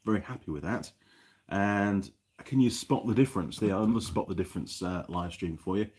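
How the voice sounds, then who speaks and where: A middle-aged man with a New Zealand accent talks through a casual workshop live stream, rambling between viewer comments and bits of mechanical know-how. His voice sits low and has a husky edge. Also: brisk, a little mellow. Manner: rambling, chatty, reads viewer comments aloud. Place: home workshop.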